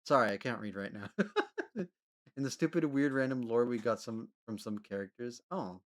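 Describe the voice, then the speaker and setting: A man's voice: medium pitch, animated, normal speed. A man chatting casually with his live-stream audience, rambling with lots of fillers and frequent laughter. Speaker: livestreamer.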